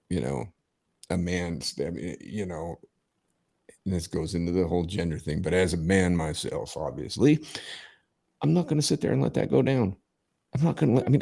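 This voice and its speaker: This is a middle-aged man with a very deep, gravelly voice that has a husky edge. He hosts a casual podcast and tells stories emphatically, swearing freely and often stumbling and restarting his sentences. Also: a little mellow. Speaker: podcast host. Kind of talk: casual profane storytelling.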